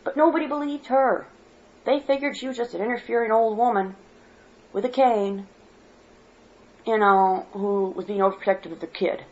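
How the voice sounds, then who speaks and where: A woman's voice: on the high side, steady tone, normal speed, long pauses, darkish tone. A woman from Michigan giving a worked-up personal monologue as a vlogger, blunt and swearing freely. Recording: dull lo-fi home recording.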